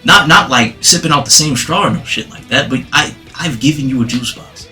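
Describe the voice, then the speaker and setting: Man, storytime vlogger, animated, profane, bright tense voice, faint music. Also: mid-range voice, a little fast. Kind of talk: storytime vlog.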